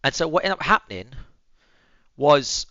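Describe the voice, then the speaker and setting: A man's voice: fairly high pitch, very animated, moderate pace, sharp tone, dry recording, lo-fi sound. A young man, telling a story to his viewers in casual chat, swearing freely and calling them boys and bro, muttering asides while he tends his dog. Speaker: streamer.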